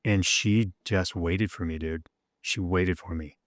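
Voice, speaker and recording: A man's voice: steady tone, a little slow, no room sound, studio quality. A man, a rock drummer as guest, telling his story candidly and with emotion, acting out the people he quotes. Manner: emotional, acts out quoted dialogue with rising pitch.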